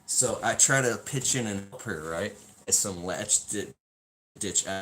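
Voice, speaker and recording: On a rough recording, a self-help video host reads aloud from a self-help book and then veers into a rambling, self-mocking tale with plenty of profanity. His fairly low, fairly bright voice is animated, and he speaks a little slowly.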